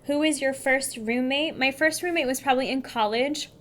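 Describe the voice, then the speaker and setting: Friendly woman from California, casual to-camera vlog chat, a touch high-pitched. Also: moderate pace. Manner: chatty, upbeat, addresses viewers directly. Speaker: beauty vlogger.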